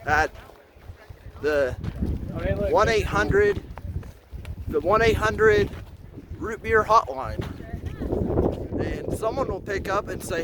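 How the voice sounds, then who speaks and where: A man talking casually to his camera on a hike, goofy and joking, climbing a rocky outdoor trail as he talks. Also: high-pitched. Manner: goofy, joking, excitable asides; walking and climbing while talking. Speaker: vlogger and root beer reviewer. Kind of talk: casual hiking vlog. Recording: outdoor phone video with wind noise.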